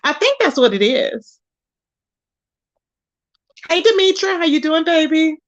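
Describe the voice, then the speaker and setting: A woman with a bright, high-pitched voice runs a chatty livestream. She keeps greeting viewers by name and calling them baby, and she repeats lines with open disbelief to drive a point home. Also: lively intonation, measured pace, highs cut off. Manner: exclaims in disbelief, repeats phrases for emphasis. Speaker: livestream host. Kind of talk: casual livestream commentary, reading chat.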